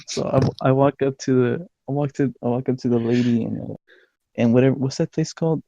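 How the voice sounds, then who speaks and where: A young man, a podcast co-host, telling a story in casual chat, excitable and swearing a lot, laughing as he goes. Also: mid-range voice, normal speed, creaky, no room sound. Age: young adult.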